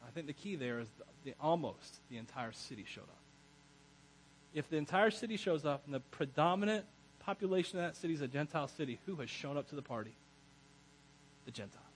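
A man preaching a sermon as pastor, animated, laughing often and breaking into chatty asides. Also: fairly high pitch, fast, a little hiss or hum, poor audio.

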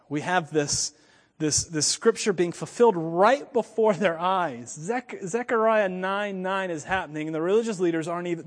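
A man preaching a sermon as pastor, animated, swinging from loud emphatic points to low, joking asides. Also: big-room sound.

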